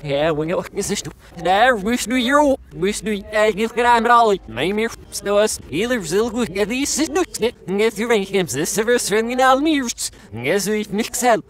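Guy yelling callouts while gaming, high voice, swings up and down a lot. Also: lively intonation, normal speed, few pauses. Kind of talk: excited gaming chatter.

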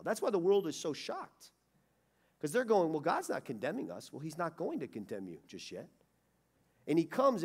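A middle-aged man preaching a sermon, swinging from loud urgency to hushed pleading. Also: a little high. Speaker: pastor. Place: church sanctuary.

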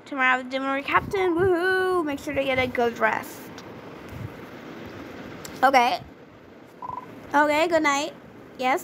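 A woman giving casual gameplay commentary, chatty and excitable, reading game dialogue aloud. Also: sits high. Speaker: gaming video creator. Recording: noticeable background noise.

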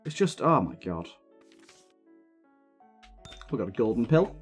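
A man's voice: mid-range voice, sing-song, measured pace, husky. Young guy ranting over his game run, swears a lot, voice jumps all over, faint music under it. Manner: heated, swearing rant. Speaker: gaming video creator. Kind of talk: live gameplay commentary.

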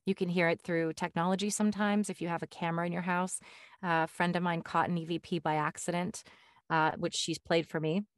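Woman, lowish voice, podcast host, enthusiastic, dry close sound. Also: brisk, dry recording. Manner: enthusiastic, animated storytelling. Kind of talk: casual interview chat.

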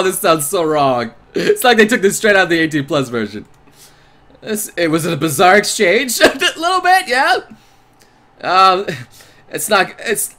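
Excitable high-voiced guy streaming a game. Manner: excitable, jokey, breaks into laughter. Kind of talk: reading a visual novel aloud with live reactions.

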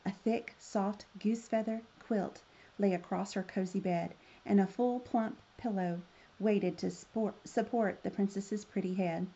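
A woman reading a children's fairy tale aloud in a gentle, expressive way. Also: mid-range voice, measured pace, a little hiss or hum. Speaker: storyteller. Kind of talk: children's story read-aloud. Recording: slightly dull lo-fi sound.

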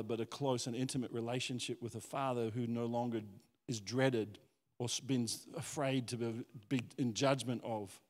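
A middle-aged man preaching a sermon, telling a personal story and acting out the voices of the people in it. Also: medium pitch. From Australia. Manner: animated storytelling, acts out quoted voices. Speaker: pastor. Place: church hall. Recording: church hall with long reverb.

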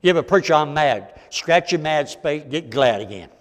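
Fervent older preacher in a reverberant church. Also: male voice, a little high, animated, moderate pace. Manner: fervent, folksy, pleading. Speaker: guest evangelist preacher. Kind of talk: sermon. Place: church sanctuary. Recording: long reverb of a church hall.

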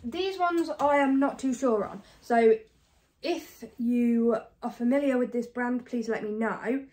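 A woman from the UK chatting casually to camera about her thrift finds, fast and self-deprecating, a bit out of breath. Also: on the high side, darkish tone. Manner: chatty and self-deprecating, talks fast with many ums and likes. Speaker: reseller vlogger. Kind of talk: casual haul chat to camera.

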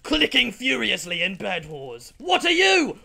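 Young man, Australian accent, high voice, gameplay commentary, excitable, cheeky banter. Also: measured pace, gravelly, slight background noise. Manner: excitable, bursts into shouts and laughter; cheeky, mock-stern banter with opponents. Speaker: gaming YouTuber.

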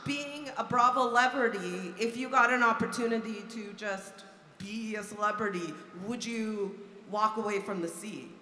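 A woman's voice: fairly high pitch, moderate pace, pushed and bright, a little hiss or hum. A woman from Canada, a gushing and emotional fan, laughing as she asks the panel a question. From Toronto, Canada. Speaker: audience member asking a question. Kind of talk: live panel audience question. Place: large convention hall. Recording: echoey hall from a distance.

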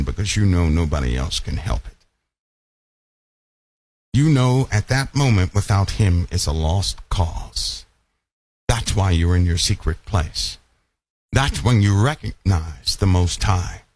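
Guy preaching a sermon, lowish voice, keeps asking do you see that, slows way down on the big lines. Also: a little mellow. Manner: emphatic, asks the audience questions often; slows down and drops his voice on key lines.

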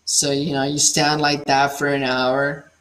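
A young man, an actor and singer, giving a casual acting workshop in an animated, demonstrative way with lots of "like" fillers. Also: on the high side, measured pace.

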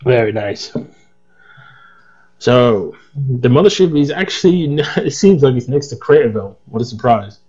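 A man's voice: medium pitch, expressive, a little slow, pauses often, warm tone, breathy edge, lo-fi sound. A groggy, worn-out English man chatting and rambling through casual gameplay commentary as a let's play host.

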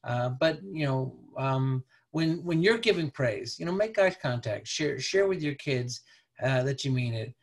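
Man giving a halting slide lecture. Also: mid-range voice, lively intonation. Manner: conversational, halting, peppered with "you know". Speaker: parenting presenter.

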